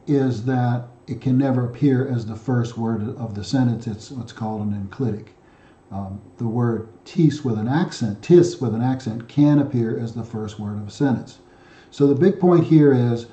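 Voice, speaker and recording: Male teacher, very dark mellow tone, methodical and repetitive delivery; roomy, slightly muffled recording. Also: medium pitch. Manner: methodical, repeats himself with frequent fillers and restarts. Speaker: Greek teacher. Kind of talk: explaining grammar exercises.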